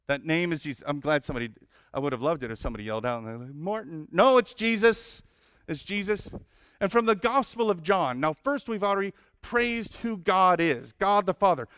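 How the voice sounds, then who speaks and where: A male pastor preaching a sermon, listing names of God with lively emphasis and humorous asides. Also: high-pitched, fairly quick, clear, resonant tone, no echo, clean studio sound.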